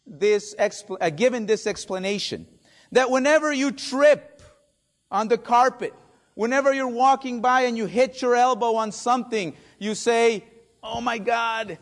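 Preaching in an unhurried way, this Spanish-speaking pastor has a very high voice and comes from a Spanish-speaking country. For emphasis, he lets his sermon fall dramatically to near-whispers.

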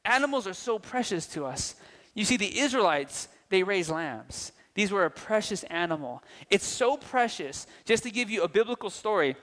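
Lively young guy preaching, bright forceful voice, asks the crowd questions. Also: high voice, moderate pace. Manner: lively, addresses the congregation with questions and anecdotes. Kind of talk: sermon. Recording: long reverb of a large hall.

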